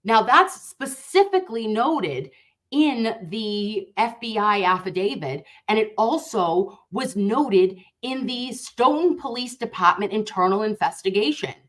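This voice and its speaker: A woman's voice: medium pitch, expressive, a little slow, a bit bright. Fiery, blunt-talking woman streamer. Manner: passionate and outraged. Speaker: livestream host and nurse. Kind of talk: casual livestream chat reading viewer comments.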